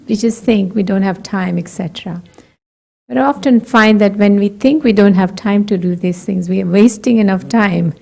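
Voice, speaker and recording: A woman from India giving a gentle, conversational talk to a group, asking reflective questions and laughing lightly. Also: fairly low pitch. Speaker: meditation talk speaker.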